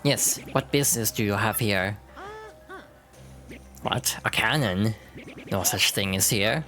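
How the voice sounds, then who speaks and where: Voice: medium pitch, slow pace, pushed and bright, soft background music. A streamer voicing a curt, stubborn bomb-creature official who speaks broken English.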